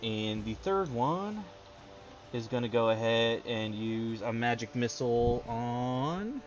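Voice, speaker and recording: A man running a tabletop role-playing game as game master, easygoing and quick with asides, laughing often. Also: mid-range voice, animated, faint music behind. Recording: dull lo-fi stream audio with faint noise.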